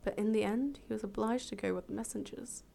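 A woman reading a fable aloud as a storyteller, relaxed and chatty, with casual asides and self-corrections. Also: mid-range voice, quick pace, gravelly, slight background noise.

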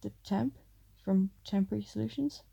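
A woman reads the part of a flustered young office temp in an audiobook. The temp is hesitant and quavering, with a dark, husky-edged tone. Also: medium pitch, moderate pace, muffled recording, voice pushed up, full character voice.

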